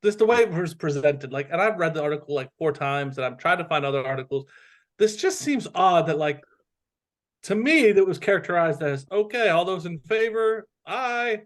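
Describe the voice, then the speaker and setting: A man's voice: a little high, animated, a little fast. A man co-hosting a casual sports talk show, incredulous and wry in his asides. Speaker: co-host.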